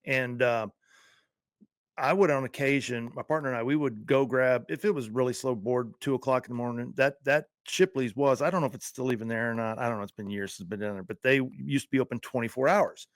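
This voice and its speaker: A man's voice: mid-range voice, brisk, no echo, studio quality. Laid-back middle-aged man telling stories. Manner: laid-back storyteller, laughs easily. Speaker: co-host, former patrol officer. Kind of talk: casual podcast chat.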